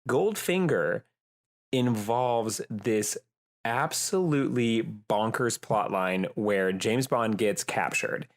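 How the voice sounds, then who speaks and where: A young man co-hosts a podcast, chatting casually and rambling with many fillers and restarts. His voice is on the low side, and he takes it slowly.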